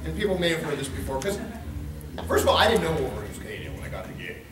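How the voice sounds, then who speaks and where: A man's voice: on the high side, very animated, quick pace. A man answering questions at a convention panel, joking, swearing and laughing often as he tells stories. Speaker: voice actor, convention panel guest. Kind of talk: casual panel Q&A. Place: large convention hall. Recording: echoey hall, distant mic, loud crowd noise.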